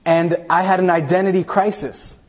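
A man's voice: high voice, fairly even intonation, moderate pace. A man preaching a sermon, telling a personal story and acting out the voices of people he quotes. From New York, United States. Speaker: pastor.

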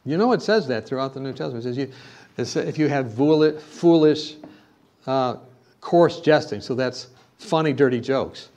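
A man's voice: medium pitch, moderate pace, darkish tone. A man preaching a sermon, telling a personal story and then urging his listeners with emphatic exhortation. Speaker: pastor.

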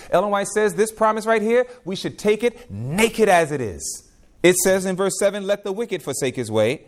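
An emphatic male preacher whose voice sits a little high and leaps around in pitch. He drops to a hush, then climbs into loud rising questions, pressing each point home. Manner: emphatic, swings from quiet to loud, rhetorical questions. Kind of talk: sermon.

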